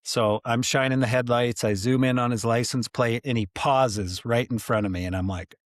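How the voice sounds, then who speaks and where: A man in his forties telling stories as a podcast guest, animated and full of casual fillers. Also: medium pitch, moderate pace, few pauses, dry recording, clean studio sound. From United States. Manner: animated, many fillers like "like" and "you know". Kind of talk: casual storytelling.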